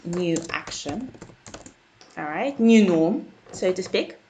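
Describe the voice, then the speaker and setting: A woman's voice: fairly low pitch, animated, slow, darkish tone, slight background noise. A British woman giving an online English grammar lesson in a chatty, friendly teacher's way. She keeps checking in with her viewers while she types out notes as she explains. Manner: chatty, checks in with "okay?" and "guys".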